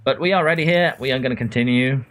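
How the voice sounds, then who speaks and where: A Norwegian streamer chats with his viewers while playing a racing management game, answering them by name and chuckling frequently. His medium-pitched voice is a bit bright and quick-paced, with soft music in the background.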